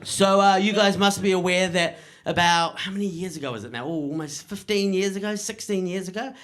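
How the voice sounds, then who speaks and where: A middle-aged man performing a stand-up comedy set, delivering deadpan punchlines and checking in with the crowd. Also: high-pitched, a little fast.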